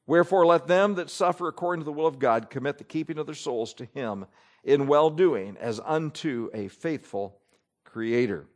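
A pastor preaching a sermon in church, reading Scripture aloud with emphatic rises and drops. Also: male voice, a little high, normal speed, darkish tone.

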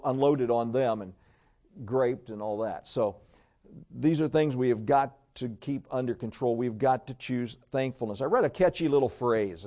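A man's voice: medium pitch, darkish tone. A man preaching a sermon in an easy, conversational way, repeating key phrases and getting the congregation to say them back. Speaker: pastor.

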